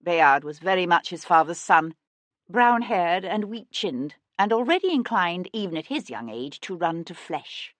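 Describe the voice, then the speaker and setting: A woman narrates a historical crime novel in a low, expressive voice. Her pitch moves a lot as she tells the story, and the recording is dry and close to the mic. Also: unhurried, dry recording. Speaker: audiobook narrator. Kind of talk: scripted narration.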